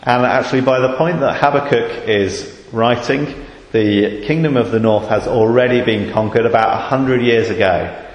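A British man preaching a sermon, measured and deliberate, rising to fervent emphasis on key words. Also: mid-range voice. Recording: echoey hall with long reverb.

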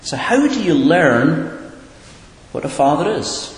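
A man's voice: a little high, big pitch swings, slow pace. A man preaching a sermon in an earnest, questioning way, sometimes repeating a word as he searches for the next, heard in an echoing hall. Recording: echoey hall, far from the mic.

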